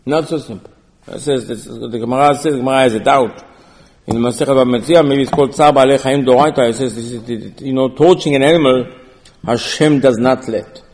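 Animated man teaching Torah in a hall. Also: medium pitch, fairly quick. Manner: acts out dialogue, frequent rhetorical questions. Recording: long hall reverb.

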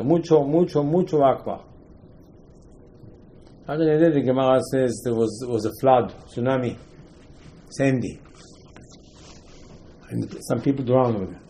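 A man, not an English speaker, teaches a Torah lesson as a lively story. His voice is dark and mellow, and he sits at an ordinary middle pitch for a man. He fires off rhetorical questions and acts out the figures he quotes. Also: a little hiss or hum, poor audio.

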